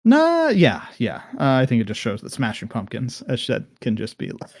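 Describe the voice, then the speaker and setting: A man's voice: medium pitch, wildly swooping pitch, moderate pace, a little mellow, dry recording, studio quality. A man hosting a podcast, talking in a loose, rambling way with many ums. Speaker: podcast host. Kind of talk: casual podcast chat.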